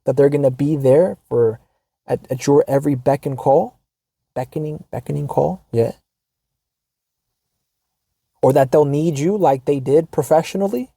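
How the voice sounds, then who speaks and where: A podcast host with an American accent delivers a casual monologue reading a forum post, wry and profane, often restarting and dropping quote-unquote asides. His voice is fairly high and dark in tone, a little slow with frequent pauses. The recording is dry and clean, studio-grade.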